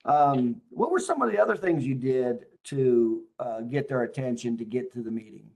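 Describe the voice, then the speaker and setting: Man, interview host, coaching tone, leading questions, mid-pitched voice. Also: expressive, moderate pace, creaky, a little mellow. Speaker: chiropractic consultant and host. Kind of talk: casual interview.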